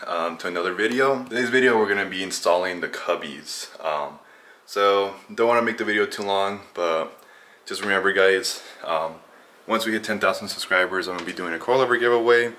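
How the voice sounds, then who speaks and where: Man, deep voice, slightly winded, chatty how-to talk, faint background hum. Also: a little fast. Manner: relaxed, filler-heavy, chatty. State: out of breath. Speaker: car channel host. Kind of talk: casual how-to walkthrough.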